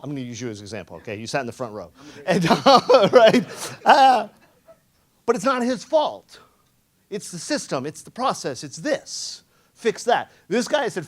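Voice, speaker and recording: A man with a high voice and huge swings in pitch addresses a conference room at a moderate pace. During his talk, he tells a sarcastic, profanity-laced story and acts out what people said.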